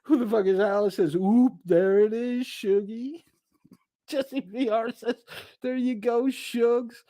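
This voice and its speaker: A man's voice: very high voice, steady tone, slow pace, dark tone, dry recording. Male streamer, casual chat reader, crude and laughing, dry close-mic sound. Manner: crude, laughing, reads viewer comments aloud. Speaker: livestream host reading chat. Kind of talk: casual livestream chat reading.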